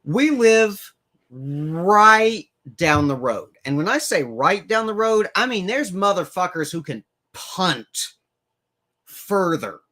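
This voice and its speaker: Co-host with a wry, unhurried delivery and a voice that rises and falls a lot. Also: medium pitch, very animated, bright, forceful tone. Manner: wry, profane storytelling. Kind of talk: casual chat.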